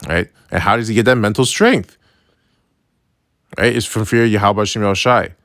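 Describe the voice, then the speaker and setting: Here a religious teacher with a lowish voice moves at a normal speed through a casual Bible lesson, checking in with "right?" over and over. His talk is conversational and slangy, with loose phrasing and restarts, and his tone is a bit bright. There's no echo, just clean studio sound.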